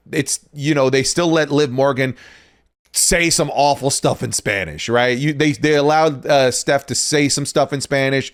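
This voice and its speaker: A young man co-hosting a casual podcast. He talks in a relaxed, rambling way, full of fillers and restarted sentences. His voice sits at an everyday middle pitch. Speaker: podcast co-host.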